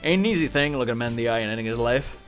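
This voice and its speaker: Casting note: a grizzled, grave Western narrator with a heavy Texan drawl, put on by a man, low and hushed, faint game music under it. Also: animated, rapid-fire, natural voice. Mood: stern. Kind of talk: game narration read aloud.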